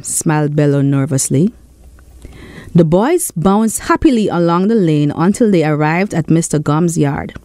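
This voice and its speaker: A woman with a St. reading a children's story aloud in an expressive storytelling voice. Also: low voice, a little slow, no room sound, clean studio sound. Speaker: storyteller and author. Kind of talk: storybook narration.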